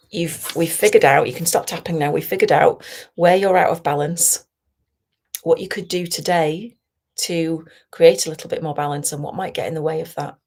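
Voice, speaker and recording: A woman coach leading a guided tapping session, talking slowly and soothingly and often dropping to a whisper. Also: low voice. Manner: slow, soothing, softly guiding with whispered phrases.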